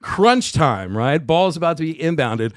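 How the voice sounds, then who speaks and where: A man's voice: a little high, unhurried, dry recording, studio quality. A man, a guest comedian telling stories in casual podcast chat, acting out quotes and swearing freely. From Staten Island, New York. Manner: animated storyteller who acts out quotes and swears freely.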